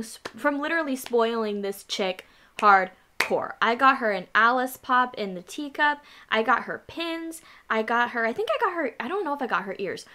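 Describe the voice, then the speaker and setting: A woman's voice: a little high, pushed and bright. A woman hosting a casual reaction video, chatting playfully and adding asides. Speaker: channel host reacting to a video.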